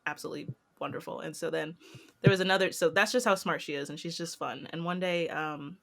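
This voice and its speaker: A young woman co-hosting a casual podcast, telling a funny family story and acting out the quotes in a high, animated voice. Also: fast, vocal fry. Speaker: podcast co-host.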